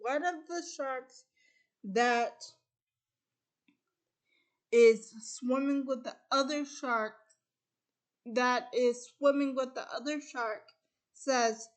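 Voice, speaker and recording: High-voiced woman slowly retelling a story. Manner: strings events with repeated "and then". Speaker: host. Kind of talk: casual plot retelling.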